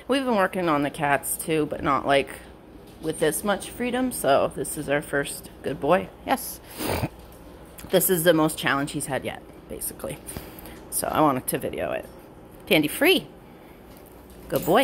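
A woman dog trainer explaining a training session in casual narration at home, switching between high bright praise for her dog and low quiet explanation. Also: big pitch swings, a little slow, slight background noise. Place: indoors at home with pets.

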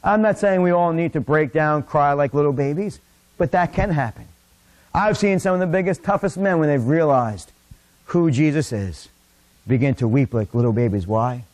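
Male pastor, middle-aged, fervent sermon delivery, slightly high voice, church setting. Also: normal speed. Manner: impassioned preaching, rising to near-shouts. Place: church sanctuary.

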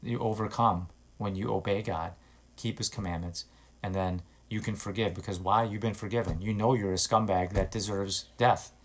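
A man's voice: fairly low pitch, fairly even intonation, normal speed. A man preaching an informal sermon, earnest and exhorting, rising to emphatic bursts as he reads scripture and urges repentance.

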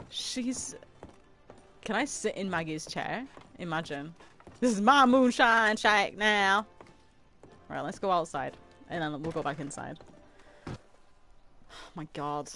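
Woman, young adult, game streamer, excitable, dramatic, bright lilting pitch, unhurried. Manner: excitable, dramatic, gasping and laughing often. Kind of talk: casual gameplay chat.

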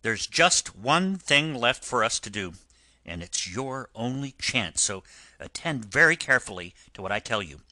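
A man's voice: medium pitch, big pitch swings, moderate pace, pushed and bright, no echo. A man voicing a stern but kind-hearted engine driver who talks firmly in an audiobook reading. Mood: instructing. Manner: firm, instructing. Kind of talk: audiobook character voice.

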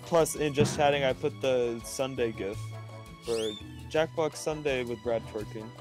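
Slow, laid-back male co-streamer. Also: medium pitch, over music. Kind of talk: casual live-stream chat.

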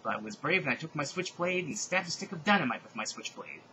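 A man giving a comedic dramatic reading of bad fan fiction, with deadpan asides between exaggerated passages. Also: a little high, fast, a little hiss or hum, poor audio. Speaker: fanfic reader.

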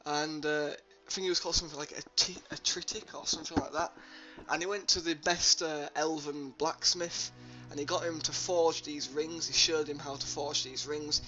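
A man's voice: fairly high pitch, fairly even intonation, moderate pace, few pauses, sharp tone, dull audio. Rambling young man over game music. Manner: rambling, many ums and uhs. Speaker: let's play host. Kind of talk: casual gameplay commentary.

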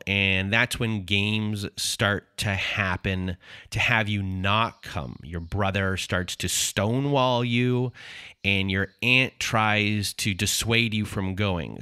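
A man hosting a podcast interview, calmly summing up the guest's story before asking his questions. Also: lowish voice, clear, resonant tone, no room sound, clean studio sound. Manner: calm, measured summarizing. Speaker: podcast host.

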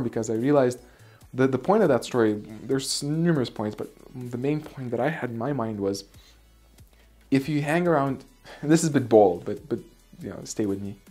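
A man's voice: medium pitch, darkish tone. A man, an Aikido instructor, tells a personal story in a casual, candid way. He swears now and then and often restarts his sentences. Faint music plays underneath.

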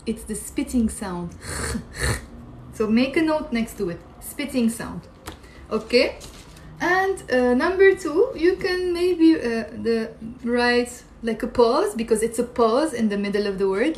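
A woman with a Lebanese accent, her voice pitched a little high, gives an Arabic pronunciation lesson. She is patient, demonstrates guttural sounds slowly and checks in with "okay?" as she goes. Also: slight background noise. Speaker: Arabic teacher. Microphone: video call.

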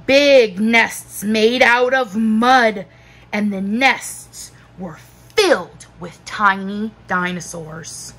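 A woman teacher narrating a children's book aloud in a slow, expressive storytelling manner. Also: medium pitch, slight background noise, low-quality recording.

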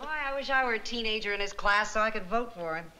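Teasing, playful aunt. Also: female voice, on the high side, lively intonation, fast talker, bright, forceful tone. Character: teasing, warm-hearted woman, an aunt. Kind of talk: 1960s sitcom acting. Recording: hissy old TV soundtrack.

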